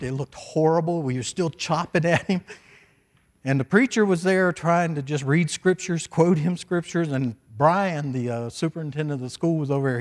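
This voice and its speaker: A man's voice: a little high, darkish tone. An older man preaching, telling a personal story in a folksy, chatty way with asides, into a microphone. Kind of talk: sermon storytelling. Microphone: stage microphone.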